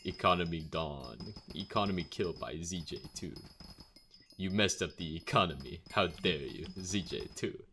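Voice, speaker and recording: A man's voice: low voice, normal speed, a bit bright, slight background noise. A man voicing an exaggerated, whiny player who wails at him in broken English. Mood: accusing. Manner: broken-English mocking wail.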